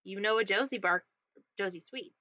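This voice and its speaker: Woman game master, brisk and quick to prompt, forceful bright tone on a dull, dry mic. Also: mid-range voice, dry recording. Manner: brisk, short prompting replies. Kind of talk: casual tabletop game chat.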